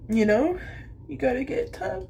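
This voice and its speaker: A young woman talks slowly through tears in a small, gravelly voice. She speaks haltingly, with soft, breathy, half-whispered asides. A faint hiss of noise sits under the recording. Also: sits high, expressive. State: crying. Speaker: vlogger. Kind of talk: tearful confessional monologue.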